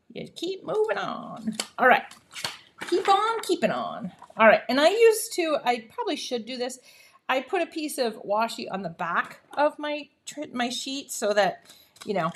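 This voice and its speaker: A woman's voice: high voice, slight background noise. A woman hosting a live papercraft demonstration from her home craft room, chatty and upbeat, laughing often and cheering herself on. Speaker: papercraft host.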